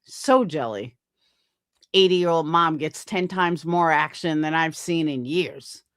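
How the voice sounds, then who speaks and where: A woman's voice: low-pitched, slow, no echo, clean studio sound. A middle-aged woman streamer commenting on clips in a blunt, profane, sarcastic way.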